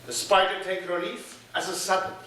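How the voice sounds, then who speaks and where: A man's voice: high voice, level tone, moderate pace, sharp tone, a little hiss or hum. A man performing a folk tale live on a theater stage, chanting repeated phrases in a rhythmic way. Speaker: storyteller. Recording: echoey theater from far off.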